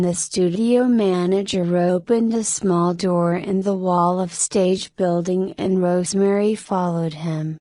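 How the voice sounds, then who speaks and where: Slow, low-voiced woman reading a novel. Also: steady tone, warm tone, dry recording, studio quality. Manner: slow, measured reading aloud. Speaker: storyteller for English learners. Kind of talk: scripted narration of a novel.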